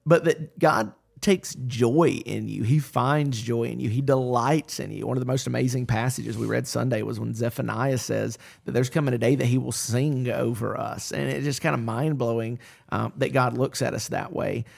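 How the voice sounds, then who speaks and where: A man, a pastor, talking through faith in a casual podcast chat, earnest and animated, often restarting his sentences. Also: mid-range voice, moderate pace, gravelly, husky.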